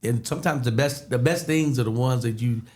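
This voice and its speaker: A man's voice: mid-range voice, a little fast. A man, a comedian guest telling stories in casual podcast chat and acting out the other people's voices. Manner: animated storyteller acting out voices.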